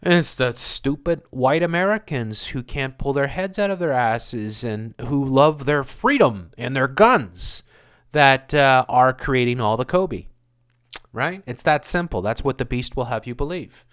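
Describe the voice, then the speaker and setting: A man's voice: mid-range voice, expressive, a little slow, fairly bright tone, clean tone. A man hosting his own channel, reading news items and ranting over them in a sarcastic, rambling way, laughing often. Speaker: host.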